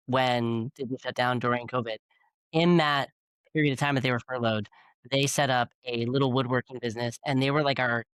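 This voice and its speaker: A man's voice: medium pitch, fairly bright tone, no echo, low-quality recording. A man in his forties, a bagel shop founder, telling stories to business students in a casual, rambling way with many fillers. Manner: chatty, many fillers and restarts. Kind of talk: casual storytelling talk. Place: university classroom.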